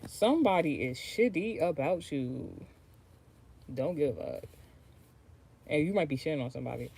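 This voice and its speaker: With a low, mellow, husky voice touched by vocal fry, an American tarot reader talks at a moderate pace with lively intonation and frequent pauses. She's casual on her livestream, rambling, chatty and freely profane, often trailing off and restarting.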